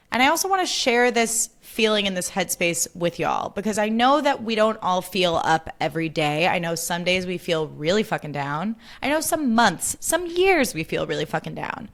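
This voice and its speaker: A woman's voice: medium pitch, fairly bright tone. Young woman host, bubbly chatty delivery, casual swearing, solo podcast chat.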